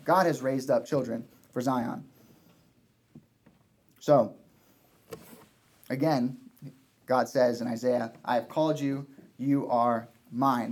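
A man's voice: medium pitch, a little mellow. Earnest man preaching a sermon. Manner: earnest, repeats points with restarts.

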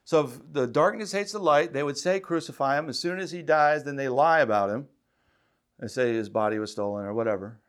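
A man's voice: medium pitch, fairly quick. A man preaching a sermon as a pastor, building to emphatic calls and acting out quoted voices. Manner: impassioned, rising to emphatic calls.

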